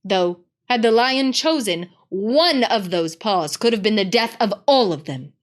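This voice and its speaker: Female storybook narrator, expressive and dramatic, unhurried, animated pitch. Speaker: read-aloud host. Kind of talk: storybook read-aloud narration.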